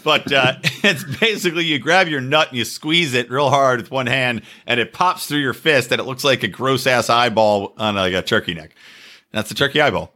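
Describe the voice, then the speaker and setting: A man hosting a podcast, telling a crude story in an animated way and shouting when he acts out quotes. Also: medium pitch, moderate pace. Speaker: podcast host.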